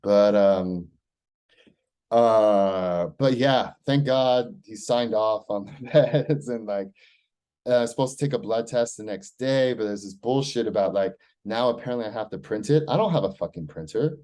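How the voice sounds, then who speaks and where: An American vlogger keeps a spoken personal log in a loose, rambling monologue, swearing freely and leaning hard on "like" and "right?". His voice sits on the low side, mellow, at a normal speed.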